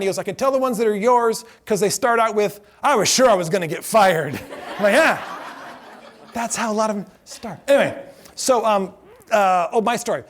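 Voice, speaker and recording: High-voiced man telling jokey stories. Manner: joking storyteller, laughs at his own stories; self-correcting, rambling asides. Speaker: lecturer and former ride skipper. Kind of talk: anecdotal lecture.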